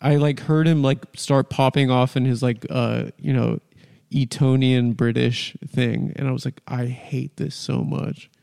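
Man, podcast host, gravelly voice, rambling stories, crude jokes, reverberant room. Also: medium pitch, steady tone, unhurried, darkish tone. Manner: rambling, storytelling, crude humor. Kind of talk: casual comedic chat.

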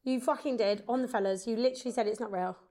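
A woman hosting a podcast in casual chat, teasing her guest, swearing freely and bantering quickly. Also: on the high side, dark tone. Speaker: podcast host.

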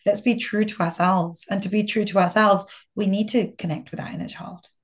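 Woman guest psychologist, thoughtful, affirming, middle-pitched voice. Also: fairly even intonation, a little fast. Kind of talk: casual chat.

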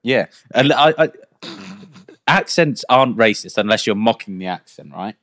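Young male co-host, rambling and animated, swears freely; dry studio mic. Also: lowish voice, normal speed, no echo. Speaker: podcast co-host. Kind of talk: casual chat.

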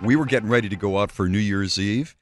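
A man co-hosting a radio talk show, chatting in a relaxed, conversational way. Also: fairly low pitch, fast talker, soft background music. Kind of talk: casual morning show banter.

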